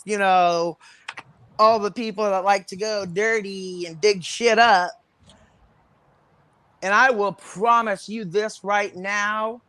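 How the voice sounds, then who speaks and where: A woman's voice: medium pitch, a bit bright, no echo. Furious woman calling someone out on a live panel, profane and confrontational, dry close sound. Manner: angry, confrontational, heavy swearing. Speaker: guest on a livestream panel. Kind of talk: heated livestream rant.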